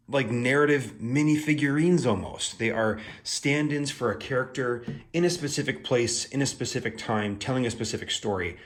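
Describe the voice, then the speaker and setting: A man hosting a casual tarot video, explaining things in a playful, chatty way with plenty of asides and fillers. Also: medium pitch.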